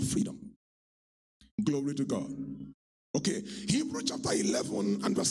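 A man pastor preaching a sermon, swinging between low talk and high, shouted, sung-out lines. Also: huge pitch swings, a little slow, pauses often, slightly rough, soft background music.

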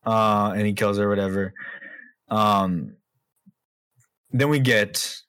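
A man's voice: on the low side, fairly even intonation, slow pace, a bit bright, clear, resonant tone, no room sound. A man co-hosting a podcast, chatting casually, rambling with lots of fillers and swearing freely. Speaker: podcast co-host. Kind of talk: casual chat.

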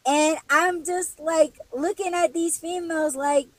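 A woman's voice: very high-pitched, steady tone, a little slow, no echo, low-quality recording. A young woman, a podcast host, telling casual stories while driving deliveries, chatty and laughing often with lots of fillers. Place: in a car. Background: faint vehicle noise.

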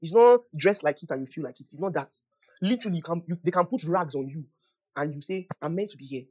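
This sermon-and-prayer clip features a preacher talking conversationally, laughing a lot and putting questions to listeners before praying aloud in tongues that swell in volume. The voice is medium-pitched and breathy-edged, and the preacher talks fast.

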